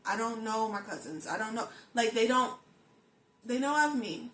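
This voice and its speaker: A young woman with a fairly high voice talks earnestly to her vlog, stacking repeated phrases for emphasis. She sounds roomy and echoey, with a faint hum of ambience behind her. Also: animated, moderate pace, fairly bright tone. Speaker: lifestyle vlogger. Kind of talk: personal reflective monologue.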